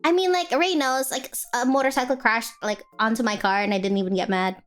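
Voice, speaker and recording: A woman's voice: a little high, steady tone, fairly quick, faint music behind. A woman streaming in casual chat, playful and giggly, talking to her viewers. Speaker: streamer host.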